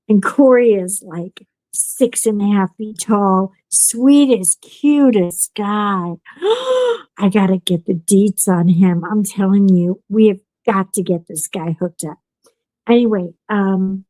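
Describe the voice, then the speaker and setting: A woman podcast host telling a story in casual chat, animated and acting out what people said. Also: mid-range voice, unhurried, dry recording, low-quality recording. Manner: animated storyteller who acts out quotes.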